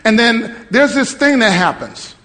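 A high-voiced man preaches a sermon, telling stories and calling on the congregation to answer back. He builds from conversational passages up to shouted peaks. His voice carries a long reverb from the hall around him. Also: animated, measured pace. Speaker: pastor. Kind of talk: sermon with call-and-response. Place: church hall with live congregation.

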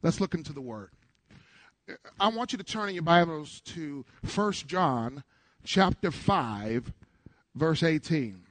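Middle-aged male pastor, high-pitched and dry-miked, preaching a lively call-and-response sermon. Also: slow pace, pauses often, no room sound. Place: church before a congregation.

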